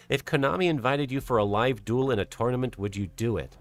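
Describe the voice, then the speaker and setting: A soft-spoken streamer with an English accent drifting toward American, chatting casually with a live chat and working toward a lighter, more feminine voice placement. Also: medium pitch. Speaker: streamer and host. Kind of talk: casual livestream chat, reading out chat.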